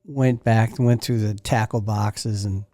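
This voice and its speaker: A man co-hosting a fishing podcast, chatting in a relaxed way and reacting with short remarks. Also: fairly low pitch, takes it slowly, no room sound. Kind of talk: casual podcast chat.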